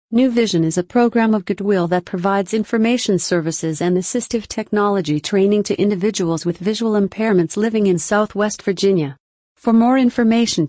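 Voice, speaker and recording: A woman reading a scripted sponsor announcement in a clear, even way. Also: mid-range voice, no room sound, studio quality.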